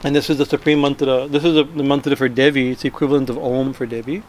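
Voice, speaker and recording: A man at a middle pitch gives a scripture class, wandering through his points with restarts and a habit of asking "right?". Faint vehicle noise sits behind his voice. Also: level tone, fast, rough recording. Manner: rambling, frequent "right?" tags and restarts. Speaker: spiritual teacher.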